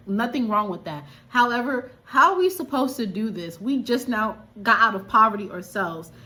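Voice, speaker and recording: A woman's voice: fairly high pitch, moderate pace, hardly any pauses, pushed and bright. A woman from Liberia chatting animatedly and exclaiming as she reviews a film. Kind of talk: casual movie review.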